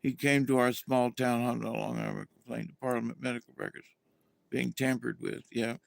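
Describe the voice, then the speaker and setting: A man's voice: mid-range voice, steady tone, fairly quick, creaky, no room sound. A middle-aged man from Florida, hosting a casual, meandering monologue full of fillers and restarts. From Florida, USA. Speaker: channel host.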